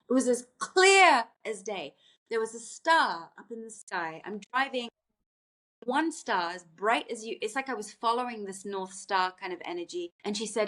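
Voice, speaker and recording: A woman's voice: on the high side, animated, normal speed, fairly bright tone. Earnest woman recounting a spiritual experience. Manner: earnest, reflective, with frequent restarts. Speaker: podcast guest, artist. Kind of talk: personal storytelling in conversation.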